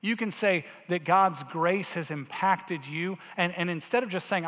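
A male pastor telling a story in a sermon with earnest, quiet intensity, dropping his voice low for quoted lines. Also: measured pace, hardly any pauses. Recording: long hall reverb.

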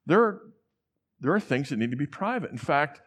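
A man's voice: on the high side, sing-song, moderate pace, fairly bright tone, slightly rough. A middle-aged man from the central United States preaching a sermon in a large church, telling personal stories in a conversational way and acting out the voices he quotes.

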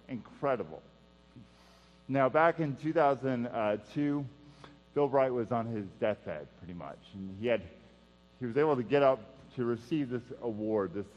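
A man preaching a sermon in an earnest style, repeating key phrases and dropping to a hush for emphasis. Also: mid-range voice. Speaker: pastor. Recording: dull sound with long hall reverb and mains hum.

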